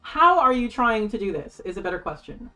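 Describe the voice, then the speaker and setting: Woman game master, excitable and casual, faint music underneath. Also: a little high, brisk. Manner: excitable, casual, swears freely. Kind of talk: running a tabletop game on a stream.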